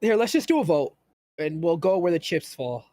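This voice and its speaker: A man at a tabletop game, eager and joking as he pushes the group forward. His voice sits a bit high, and the recording is dry and close. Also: big pitch swings, normal speed, mellow, no echo. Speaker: player. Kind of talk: casual tabletop game chat.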